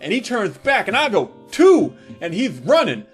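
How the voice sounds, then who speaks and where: A man telling crude comedic stories in an animated monologue, landing punchlines deadpan. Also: high-pitched, fairly quick, soft background music. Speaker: comedic storyteller.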